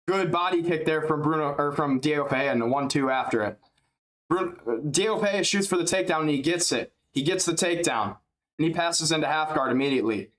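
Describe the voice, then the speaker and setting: A man giving casual, rambling live play-by-play commentary on a fight, chatty and jumping up in excitement at big strikes. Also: a little high. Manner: drowsy and yawning at times.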